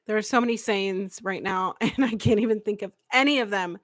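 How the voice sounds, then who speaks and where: A woman's voice: mid-range voice, a little fast, no echo. Woman host, raw heartfelt monologue, swears a lot, dry close sound. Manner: emotional, blunt, swears freely. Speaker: podcast host. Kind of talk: candid live podcast monologue.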